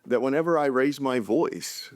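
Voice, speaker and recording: A man's voice: mid-range voice, normal speed, dry recording. An older man co-hosting a podcast, chatting casually and acting out family stories with playful voices. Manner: animated storyteller who acts out kids' voices. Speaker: podcast co-host. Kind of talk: casual chat.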